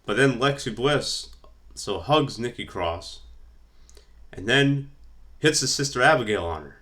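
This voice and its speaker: A man's voice: mid-range voice, animated, measured pace, pushed and bright. A man vlogging casually, rambling with lots of fillers while he reads from his notes. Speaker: wrestling vlogger. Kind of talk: casual fantasy-booking commentary.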